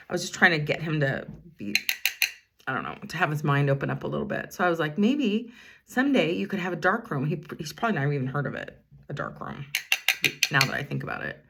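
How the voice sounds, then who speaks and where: A woman's voice: low voice, gravelly. A woman in her fifties, a school bus driver, chatting casually while doing her makeup, rambling through a story and breaking off to talk about her eyeliner. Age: 50s. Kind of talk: casual get-ready-with-me chat.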